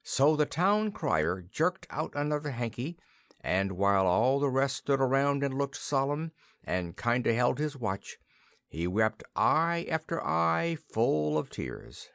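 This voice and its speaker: A man reading a children's fantasy story aloud for English learners, with a lively, expressive delivery. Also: medium pitch, takes it slowly, gravelly, no room sound, clean studio sound. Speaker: narrator.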